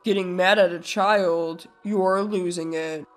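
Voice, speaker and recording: A woman's voice: on the low side, fairly even intonation, takes it slowly, soft background music, voice pushed down. A woman voicing a selfish grown brother, dropping her voice to mock and dismiss his sister. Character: selfish younger brother, man, mocking.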